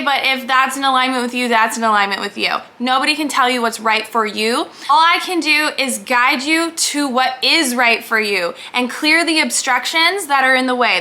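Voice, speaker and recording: A woman's voice: high-pitched, sharp tone. A woman business mindset coach giving an upbeat, encouraging motivational talk to the camera.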